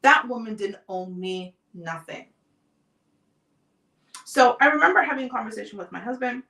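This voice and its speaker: A woman hosting a live talk show, telling a personal story in a calm, deliberate way. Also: on the high side, vocal fry. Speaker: host. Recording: roomy sound, off-mic distance.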